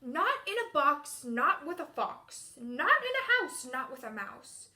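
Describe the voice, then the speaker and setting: A woman's voice: high voice, very animated, slow, sharp tone, full character voice. Woman doing a grumpy storybook character. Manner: grumpy, insistent refusals. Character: grumpy stubborn picky-eater character.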